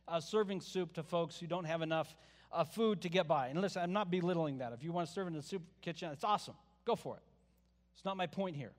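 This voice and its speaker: A fairly high-voiced man preaching in a relaxed, conversational way, with joking asides to his listeners. His voice rings out with a long reverb trail, as in a large hall. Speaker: pastor. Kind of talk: sermon.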